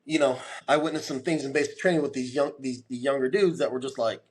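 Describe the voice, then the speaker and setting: Animated man telling war stories. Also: mid-range voice, quick pace, breathy edge. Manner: animated storyteller, acts out quoted dialogue. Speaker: guest. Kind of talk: storytelling in a podcast interview.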